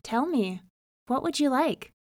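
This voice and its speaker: A woman's voice: high-pitched, lively intonation, unhurried, dry recording, clean studio sound, pitched above the performer's own voice. Tombo, a woman voicing a grave fish spirit. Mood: solemn. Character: solemn male fish spirit of the earth. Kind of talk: storybook narration.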